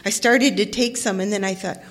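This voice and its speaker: A middle-aged woman from Ohio telling her own story as a recovery meeting speaker, animated and self-mocking, often laughing. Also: medium pitch, normal speed. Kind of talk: personal testimony, storytelling.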